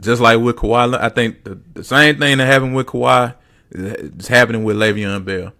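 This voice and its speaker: A man's voice: medium pitch, brisk, bright, forceful tone. A man hosting a podcast, talking sports in a casual, rambling way with lots of fillers and repeated phrases. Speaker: podcast host.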